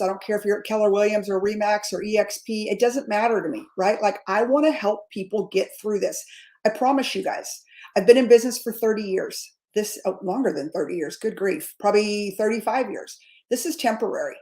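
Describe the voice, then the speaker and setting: A woman in her fifties, a sales coach giving an energetic, repetitive pep talk straight to her viewers, often calling them guys. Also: mid-range voice, a little fast. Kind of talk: motivational livestream talk.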